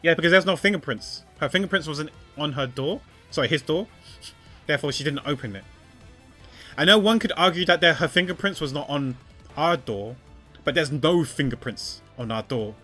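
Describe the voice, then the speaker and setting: A man's voice: a little high, moderate pace, sharp tone, soft background music. A man streaming a detective game, thinking aloud in a rambling, repetitive way. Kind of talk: casual gameplay commentary.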